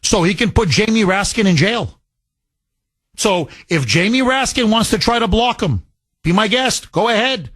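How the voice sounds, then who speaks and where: Guy hosting call-in radio, pretty high voice, dry close mic, keeps repeating himself for emphasis. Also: lively intonation, moderate pace, fairly bright tone, no room sound. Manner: emphatic, repetitive, rambling asides. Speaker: radio talk show host. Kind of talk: call-in political talk radio.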